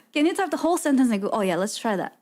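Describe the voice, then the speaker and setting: A woman streamer chatting casually with her audience in a playful, giggly way and trying out words aloud. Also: high voice. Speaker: streamer host. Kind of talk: casual live-stream chat.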